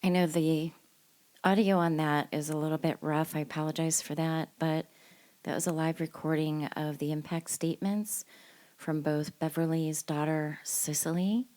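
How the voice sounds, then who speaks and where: A woman's voice: deep voice, fairly even intonation, normal speed, a little mellow. A woman hosting a true-crime podcast, talking casually and bluntly, swearing freely with lots of fillers. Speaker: podcast host.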